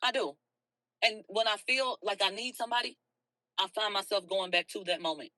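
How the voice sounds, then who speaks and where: Livestream host, a woman with a bright voice and a dry close sound, speaking in a blunt, profane rant. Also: mid-range voice, moderate pace, no echo, soft background music, rough recording. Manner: blunt, profane, swings from soft to loud. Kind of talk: emotional early-morning livestream rant.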